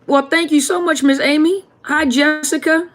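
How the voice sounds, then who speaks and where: A woman with a fairly high voice hosts a casual live stream, greeting viewers one by one in a friendly, chatty way. She talks from a home setup into a webcam mic. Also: fairly even intonation, normal speed, a bit bright.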